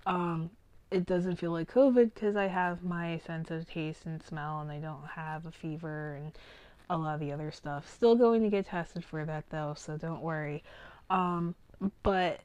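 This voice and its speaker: A woman hosting her podcast while sick and close to losing her voice. She talks casually in a husky tone with frequent ums. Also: unhurried, darkish tone, no echo, poor audio. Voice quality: husky, low from illness. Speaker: podcast host.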